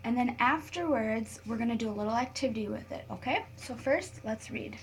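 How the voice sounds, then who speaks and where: A woman teacher reading a picture book aloud to her class, patient and clear, pausing to guide students. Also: on the high side, lively intonation, a little hiss or hum.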